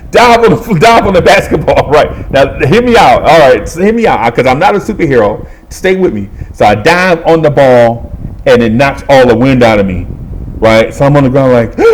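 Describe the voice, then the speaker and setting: A middle-aged man telling a comic story in lively, colloquial speech, laughing and acting out the people in it. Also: mid-range voice. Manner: animated, laughing, acts out voices, colloquial. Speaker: podcast host.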